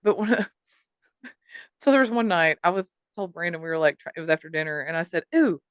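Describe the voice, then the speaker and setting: A woman's voice: deep voice, fairly quick, clear, resonant tone, no room sound, studio quality. A woman co-hosting a podcast, telling a story in casual chat, swearing and mimicking the people she quotes. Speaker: podcast co-host.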